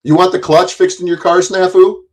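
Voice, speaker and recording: Speaking at a moderate pace in a high voice with little pitch movement, a middle-aged man rants to the camera on a rough recording. He's a YouTube commentator: confrontational, taunting, profane throughout, and prone to stammering over repeated words on restarts.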